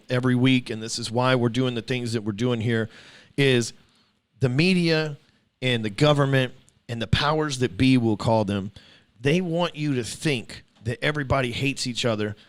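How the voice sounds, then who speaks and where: A man hosting a podcast, talking in a casual, profane, emphatic way and telling stories. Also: medium pitch. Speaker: podcast host.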